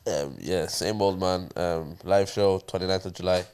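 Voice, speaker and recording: A man's voice: deep voice, normal speed, a little mellow, clean tone. A man from Ireland co-hosting a podcast in casual chat, talking hesitantly. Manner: hesitant, many fillers and restarts. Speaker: podcast co-host.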